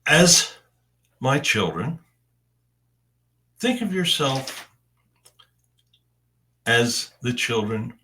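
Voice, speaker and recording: A man delivering a spiritual message in the first person, in deliberate, halting phrases with long pauses. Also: medium pitch, expressive, bright, forceful tone, far from the mic.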